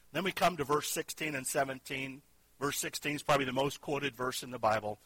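A man preaching a sermon, earnest, moving between loud emphatic lines and quiet hushed ones. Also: medium pitch, brisk, slightly rough, rough recording. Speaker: pastor.

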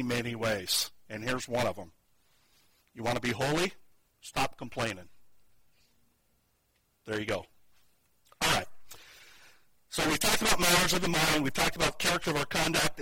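A man's voice: mid-range voice, sharp tone. A male pastor preaching a sermon in a conversational, practical way, on a noisy live church mic.

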